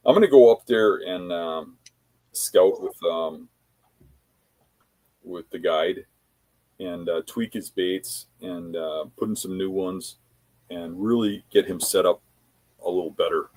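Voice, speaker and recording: A man's voice: low-pitched, slow, pauses often, darkish tone, no room sound. A man, a podcast guest telling hunting stories in a laid-back, rambling way full of fillers. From Wisconsin. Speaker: podcast guest, bear hunter. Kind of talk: casual anecdotal storytelling.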